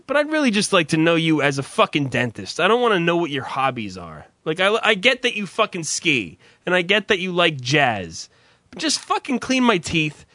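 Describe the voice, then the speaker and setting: A male radio host rants in casual banter, blunt and profane, tripping over his own restarts. His voice is bright and fairly high for a man. It sounds dry and close to the mic. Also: no room sound. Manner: blunt, ranting, swears constantly, stammers into restarts.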